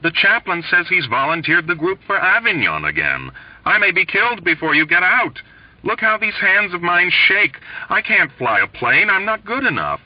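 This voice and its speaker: A man putting on a rough, quavering, overwrought airman. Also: high voice, wildly swooping pitch, moderate pace, no echo, voice pushed up, full character voice. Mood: pleading. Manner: loud, agitated, can't keep his voice down. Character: overwrought, pugnacious young male airman. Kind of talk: audiobook reading. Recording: dull lo-fi recording.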